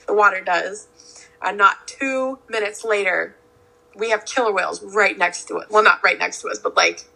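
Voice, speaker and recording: A young woman on whale-watching boat crew, telling stories in a relaxed, casual way with "like" fillers. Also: medium pitch, moderate pace, vocal fry, rough recording. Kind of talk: casual storytelling.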